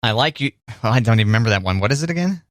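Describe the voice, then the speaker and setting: A man's voice: mid-range voice, expressive, very fast, no echo, clean studio sound. A man co-hosting a podcast, chatting casually and joking at his own expense. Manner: easygoing, self-deprecating, many fillers and restarts. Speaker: podcast co-host. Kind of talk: casual chat.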